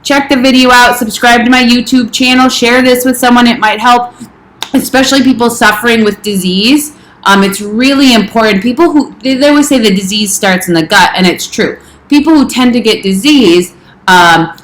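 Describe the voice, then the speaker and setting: A woman's voice: fairly high pitch, moderate pace, fairly bright tone, reverberant, a little hiss or hum, low-quality recording. Chatty woman vlogging while eating. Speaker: health coach. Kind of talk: casual vlog chat.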